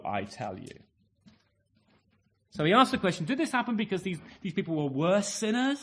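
A man's voice: high-pitched, fairly bright tone. A man preaching a sermon in an earnest way, often asking his listeners rhetorical tag questions and repeating words as he restarts.

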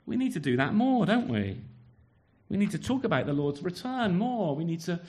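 A man's voice: sits high, big pitch swings, normal speed, a little mellow. A man preaching a sermon, asking the congregation rhetorical questions and often repeating his words.

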